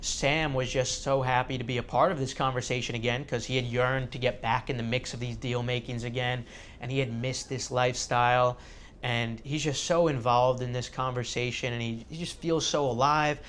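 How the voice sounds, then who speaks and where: A man tells a story in a relaxed, chatty way, full of filler words. His voice sits at an ordinary middle pitch for a man. He rushes ahead, then slows down for effect. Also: a little hiss or hum. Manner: animated, filler-heavy. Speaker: host. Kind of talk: casual storytelling.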